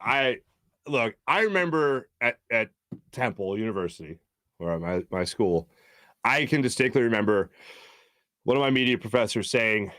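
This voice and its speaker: A man's voice: medium pitch, expressive, normal speed, fairly bright tone, dry recording, clean studio sound. A man hosting a sports talk show, ranting in a heated, exasperated way and often mimicking other people. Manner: heated, exasperated, quotes people in mock voices. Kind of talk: opinionated sports talk rant.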